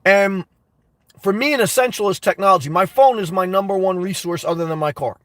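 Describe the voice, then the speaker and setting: High-voiced man chatting with a live audience. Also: fairly quick, a bit bright, no echo, far from the mic. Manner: emphatic, repeats points, laughs between remarks. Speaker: YouTube host answering live chat. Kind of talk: casual live-stream chat.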